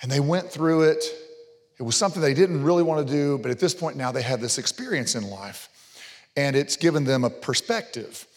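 A middle-aged man, a pastor, telling a family story in a sermon with animated, joking delivery. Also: a little high, a little fast. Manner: animated joking storyteller, gets loud on punchlines. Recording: long reverb of a large hall.

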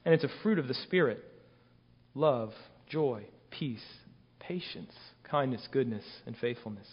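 A man in his thirties delivers a sermon in a somewhat high voice, earnest and emphatic. He leans on repetition and restarts to drive home each point. The recording is dull and lo-fi, with the top end rolled off. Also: normal speed. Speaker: guest preacher.

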